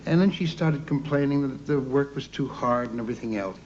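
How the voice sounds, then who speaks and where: A man's voice: medium pitch, fairly quick, a little mellow. An older man telling rambling childhood stories in a conversational interview, full of fillers. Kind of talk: interview storytelling about childhood. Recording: dull lo-fi recording with faint background noise.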